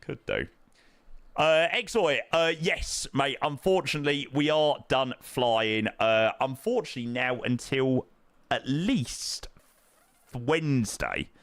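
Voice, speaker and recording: A young man streams a flight sim and chats casually with viewers, answering them in matey banter packed with fillers. His medium-pitched voice is animated yet slow, with a fairly bright tone and no echo.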